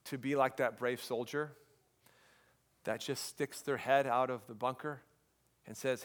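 A man in his thirties preaching a sermon as pastor, earnest and dropping to a hushed voice for emphasis. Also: medium pitch, steady tone, unhurried, pauses often.

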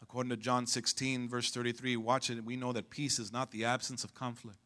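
Pastor guy preaching, bright ringing voice, gets the crowd answering back, shouts at the big moments. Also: medium pitch, little pitch movement, a little fast, hardly any pauses. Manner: preaching with call-and-response to the congregation; rises to shouting at peaks. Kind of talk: sermon. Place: church sanctuary.

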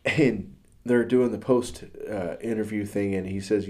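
A man with a fairly low, warm and mellow voice chats casually on a podcast. He tells a story earnestly, stumbling and restarting his phrases as his thoughts run ahead. He speaks about faith with sincere feeling. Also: fairly even intonation, a little slow. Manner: religious. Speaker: podcast host. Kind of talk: casual chat.

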